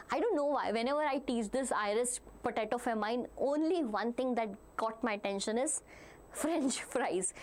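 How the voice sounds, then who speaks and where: A woman teaching a live online class, asking her students questions as she goes. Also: a little high. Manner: animated, asks the class questions.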